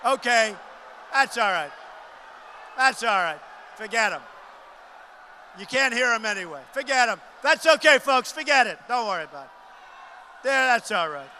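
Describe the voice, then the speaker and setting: A man giving a loud, emphatic rally speech to a big crowd, repeating short phrases. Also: sing-song, moderate pace, long pauses, a little hiss or hum. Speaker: political candidate at a rally. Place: large arena rally. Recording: booming reverb of a big arena.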